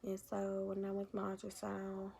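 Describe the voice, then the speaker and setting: A woman's voice: mid-range voice, monotone, moderate pace, vocal fry, mellow, a little hiss or hum. A young woman vlogging, casually telling a long personal story to her viewers in slangy, rambling talk, calling them y'all.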